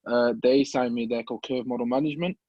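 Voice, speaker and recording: A young man from England with a Midlands accent, a podcast guest telling his story in a lively way, acting out the people in it. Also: mid-range voice, fast, dry recording. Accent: English Midlands. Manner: animated, acts out voices of people in his story. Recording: slightly muffled dry recording.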